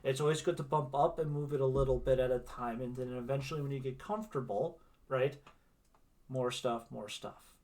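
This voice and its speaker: A man from Wisconsin, USA, hosts a tarot reading livestream, chatting casually and reassuringly as a tarot reader and often tagging "right?" onto his points. His medium-pitched voice is a little mellow, fairly quick, with fairly even intonation.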